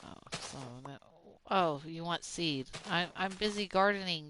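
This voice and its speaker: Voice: medium pitch, unhurried, pushed and bright, slight background noise. A streamer with a Southern country accent, chatting casually while playing a game and talking to things in it. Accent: Southern US, Oklahoma-Texas country. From Southern United States. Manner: rambling, talks to the game as they play. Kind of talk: casual gaming commentary.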